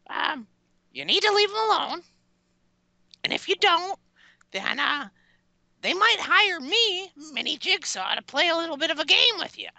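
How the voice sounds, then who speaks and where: A woman's voice: high-pitched, gravelly, bright, forceful tone, no room sound, full character voice. A woman voicing a tiny, menacing self-styled killer who calls in to a show, talking tough and sarcastic in improvised comedy. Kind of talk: improvised comedy role-play.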